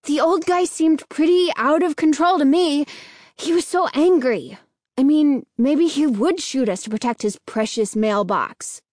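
A woman's voice: a little high, lively intonation, unhurried, few pauses, a little mellow, no echo, clean studio sound. A woman voicing a worried boy who sounds anxious and a little out of breath. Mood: uneasy. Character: worried, uneasy young boy, Danny.

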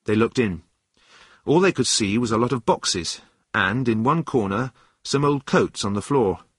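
A man narrating a storybook in a clear, expressive way. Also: mid-range voice, measured pace, dry recording, clean studio sound.

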